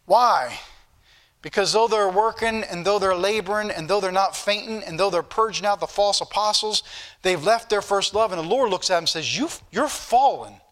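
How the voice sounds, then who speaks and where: A man's voice: sits high, normal speed, a bit bright. A man preaching a Sunday school sermon, earnest and rising to fervent questions, with old-fashioned scripture phrasing.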